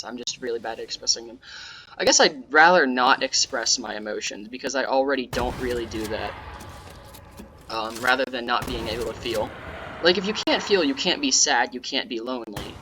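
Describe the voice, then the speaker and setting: A young gaming YouTuber offers casual commentary on his gameplay, sounding monotone and a bit sarcastic as he rambles with plenty of fillers. His voice sits in the mid range, and there's some background noise.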